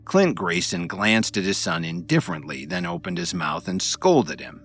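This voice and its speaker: A man reading a web novel aloud as an audiobook, telling it in a dramatic, expressive way. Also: low voice, normal speed, gravelly, faint music behind. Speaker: narrator.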